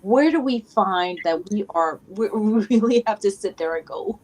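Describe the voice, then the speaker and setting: A woman's voice: mid-range voice, expressive, normal speed, few pauses, darkish tone, rough recording. A woman hosting a casual podcast panel, upbeat, prompting and encouraging her guests. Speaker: podcast host.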